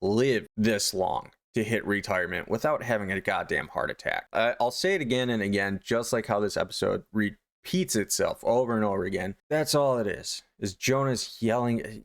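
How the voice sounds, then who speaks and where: A man's voice: lowish voice, moderate pace, hardly any pauses. A man giving casual review commentary, sarcastic and exasperated. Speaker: horror anthology reviewer.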